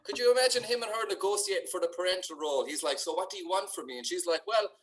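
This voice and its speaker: A man's voice: high voice, racing, rough recording. A man performing a stand-up comedy set in a comedy club, with a dry, sardonic delivery.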